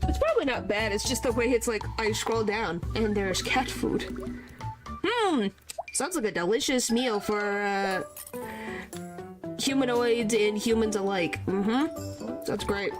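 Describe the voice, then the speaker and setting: A woman's voice: a little high, a little slow, music in the background. A woman chatting casually with her chat while streaming a game, often exclaiming in surprise.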